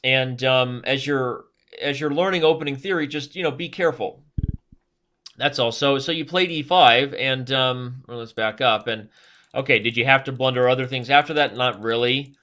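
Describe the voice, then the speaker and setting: A man hosting a live chess stream, talking quickly and cracking jokes as he explains openings. His voice is bright and forceful, sitting at an ordinary middle pitch. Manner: fast-talking, joking, chatty.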